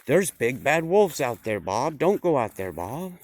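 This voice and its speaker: A man's voice: mid-range voice, sing-song, unhurried, no echo. A man voicing a nervous flock of sheep who scold a friend and fear the wolves outside. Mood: fretful. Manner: fretful, scolding.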